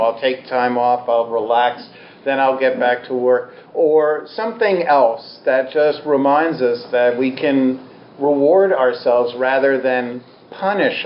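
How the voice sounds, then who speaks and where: A man's voice: medium pitch, a little hiss or hum. A man giving a Buddhist teaching talk to an audience, candid, humorous and self-deprecating. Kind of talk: dharma talk to a live audience. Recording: roomy, slightly dull talk recording.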